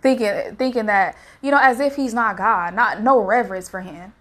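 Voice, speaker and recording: A woman's voice: medium pitch, moderate pace, fairly bright tone. A woman giving a casual devotional talk, earnest and exhorting like a preacher. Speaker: faith vlogger sharing a devotional message.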